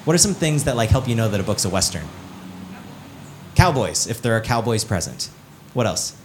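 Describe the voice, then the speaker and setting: A man's voice: lowish voice, lively intonation, normal speed, slight background noise. Chatty joking man preaching a casual sermon. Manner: chatty and joking, with many fillers like "um" and "like"; asks the audience questions and waits for replies. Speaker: pastor. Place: in front of a live congregation.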